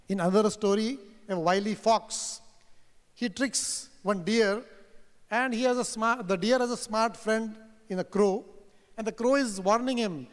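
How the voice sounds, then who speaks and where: A man giving a keynote, animated storytelling with quoted Sanskrit verses. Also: high-pitched. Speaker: keynote speaker. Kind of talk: storytelling lecture. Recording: hall reverb.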